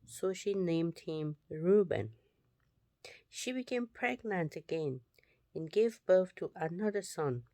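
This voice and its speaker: A woman reads scripture in a slow, unhurried way, her voice sitting a little low. She sometimes drops into a whisper. The sound is close and dry. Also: very animated, warm tone, no room sound. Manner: slow, deliberate reading that drops to a whisper at times. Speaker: Bible reader. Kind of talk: scripture reading.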